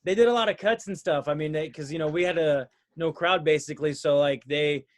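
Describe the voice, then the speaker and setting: A young adult man, a professional wrestler, chatting casually and telling relaxed anecdotes. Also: on the high side, fairly quick, dry recording, studio quality. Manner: laid-back anecdotal storyteller, says "bro". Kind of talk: casual chat.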